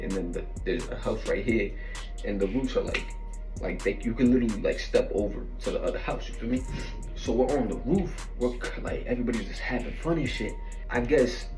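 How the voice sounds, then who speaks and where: A man's voice: mid-range voice, a little mellow, echoey room. Man, casual storyteller, slangy and rambling; distant mic, faint music underneath. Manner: slangy, rambling, heavy fillers.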